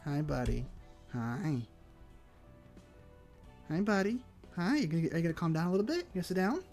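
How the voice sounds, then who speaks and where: A man streaming a game from home on a desk microphone, chatting in a loose, rambling, excitable way with laughs and casual swearing. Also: a little high, normal speed. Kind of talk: casual live-stream chat while playing a game. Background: faint chill background music.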